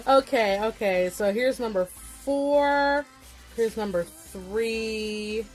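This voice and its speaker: Gushing young woman with a slow, high voice. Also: faint music behind. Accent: Southern US country. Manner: gushing, excitable exclamations. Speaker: vlogger unboxing a gift package. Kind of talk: casual unboxing chat.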